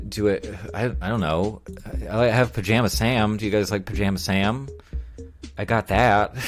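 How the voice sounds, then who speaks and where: A male streamer in casual chat, rambling along, reading viewer comments aloud and chuckling often. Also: sits low.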